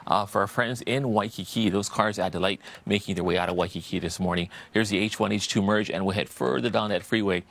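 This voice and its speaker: Brisk morning traffic anchor man. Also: fairly low pitch, creaky, a bit bright. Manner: brisk, upbeat, uses local Hawaiian words. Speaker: news anchor reading traffic. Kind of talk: live broadcast traffic report.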